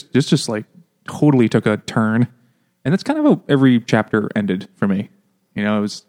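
A man's voice: mid-range voice, very animated, a little fast, a little mellow. A man co-hosting a book podcast, chatting casually and joking, with lots of "like" fillers. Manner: joking, rambling, many "like" fillers. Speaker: podcast co-host. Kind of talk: casual chat.

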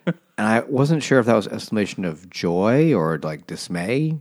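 A man's voice: on the low side, very animated, moderate pace, darkish tone. A man co-hosting a podcast, chatting casually and wryly about a book, rambling and laughing often. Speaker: podcast co-host.

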